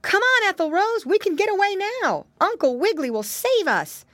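Brief: eager cheerful little piglet boy, put on by a woman reader, high and lively, dry sound. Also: moderate pace, no room sound. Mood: urgent. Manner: bright eager calls.

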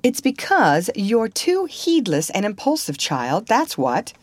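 A woman's voice: mid-range voice, huge pitch swings, slow, no room sound, voice pushed up, heavily acted. A woman voicing a stern older village woman who lectures and scolds. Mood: lecturing.

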